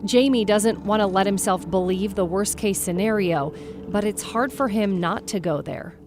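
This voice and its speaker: A woman host giving measured, scripted true-crime narration. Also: medium pitch. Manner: measured, storytelling delivery. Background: background music.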